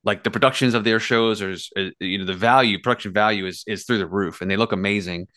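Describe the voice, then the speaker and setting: A man co-hosting a TV podcast, wandering through his thoughts in a relaxed chat and leaning on fillers as he goes. His voice sits low but comes through bright and crisp. The sound is close and dry. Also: fast talker, dry recording. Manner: rambling, hedging with fillers. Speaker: podcast co-host. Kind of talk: casual chat.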